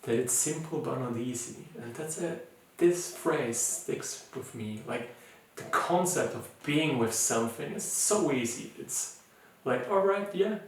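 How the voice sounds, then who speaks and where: Mindfulness teacher, male, non-native English speaker, gentle and halting, recorded far off in an echoey room. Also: mid-range voice, a little hiss or hum. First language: not English. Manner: gentle, searching, with many fillers and restarts. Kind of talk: informal recorded talk.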